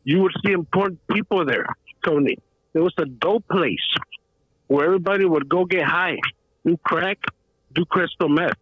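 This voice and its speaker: A man's voice: a little high, moderate pace, slightly rough, dry recording. A man calling into a show, telling a story in a rambling, slangy way, saying bro a lot. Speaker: caller. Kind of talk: casual storytelling. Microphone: phone call. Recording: tinny phone line.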